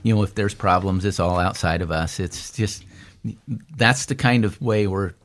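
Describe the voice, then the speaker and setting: A man, a pastor, talking through a psalm in a casual discussion, with many restarts and fillers that lift into animated quotes. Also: sits low, normal speed.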